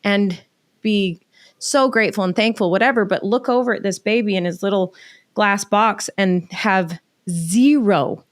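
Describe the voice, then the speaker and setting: A middle-aged woman telling a personal story as a podcast guest, animated and emotional, acting out bits of dialogue. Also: mid-range voice, dry recording. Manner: animated, emotional, quick asides with reenacted dialogue.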